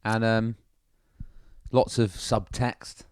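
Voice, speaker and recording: A male podcast co-host with a very low voice, talking in a relaxed, halting way and often restarting his sentences. The recording is close and dry. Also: smooth, dry recording. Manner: laid-back, halting with restarts. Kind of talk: casual chat.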